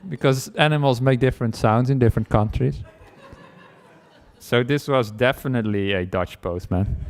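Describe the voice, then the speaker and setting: This monk speaks at a fairly low pitch with a slightly mellow quality. Delivering a funny dharma talk, he tells an invented tale in a playful, self-mocking manner, complete with acted-out barking and chases.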